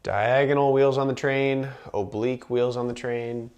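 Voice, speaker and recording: Calm man guiding a breathing class. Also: mid-range voice, slight background noise. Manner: calm, unhurried cueing of breaths and movements; chatty asides between cues. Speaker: movement instructor. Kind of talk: guided breathing and movement class.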